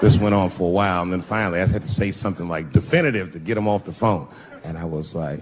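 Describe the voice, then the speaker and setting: A middle-aged man performing stand-up comedy on stage, telling a profane, conversational story and jumping his pitch for voices. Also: fast talker, over music. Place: stage before a live audience.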